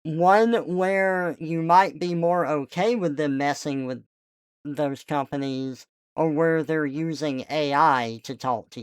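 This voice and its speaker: A woman streamer chatting casually on a live art stream in a relaxed manner. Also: very deep voice, clear, resonant tone, dry recording, clean studio sound. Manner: relaxed, casual, swears freely.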